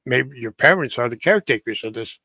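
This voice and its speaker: A man's voice: mid-range voice, expressive, brisk, gravelly, pushed and bright, dry recording, exaggerated voice. A young man from out of town who refuses to believe what he hears and brushes it off, as a man acts him out. He sounds close to an everyday voice. The sound is dry and close. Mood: disbelieving. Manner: disbelieving, laughing it off.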